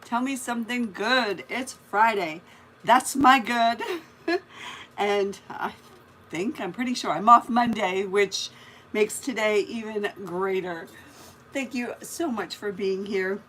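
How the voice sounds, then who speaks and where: A woman's voice: medium pitch, takes it slowly, fairly bright tone, a little hiss or hum. A woman hosting a casual live craft stream, chatting and greeting viewers by name as she works. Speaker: craft livestream host.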